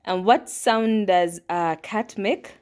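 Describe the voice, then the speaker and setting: A mother acting as host patiently asks her young child simple questions, one at a time, while teaching at home. Her mid-range voice is smooth and a little mellow, and she takes things slowly.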